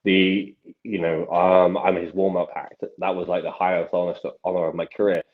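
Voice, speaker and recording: A young man, a magician telling stories from his life as a podcast guest, with animated delivery and frequent restarts. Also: low voice, moderate pace. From England. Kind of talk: casual podcast storytelling. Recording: dull lo-fi sound.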